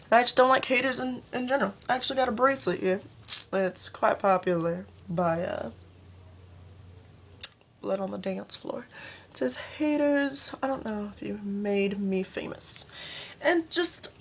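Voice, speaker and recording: With a slightly bright yet husky voice, a young woman vlogs a casual rant about things that annoy her. She's talkative, and her pitch suddenly rises at points.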